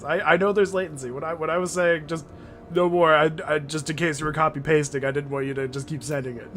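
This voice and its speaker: A man's voice: on the high side, steady tone, fairly quick, a bit bright. A man streaming a video game, chatting and joking with viewers in a loose, laughing way. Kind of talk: casual live-stream commentary. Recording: game music under the voice.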